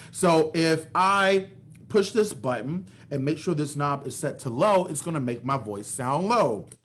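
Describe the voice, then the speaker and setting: A man narrating a children's storytime in a sing-song way, asking the kids questions and praising them, into a large microphone. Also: fairly high pitch. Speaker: children's storyteller and music teacher. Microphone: large microphone into a voice box.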